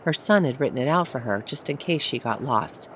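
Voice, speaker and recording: A woman narrating a short story, reading in measured, phrase-by-phrase delivery. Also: rumbling low, animated, slight background noise. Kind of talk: read-aloud short story.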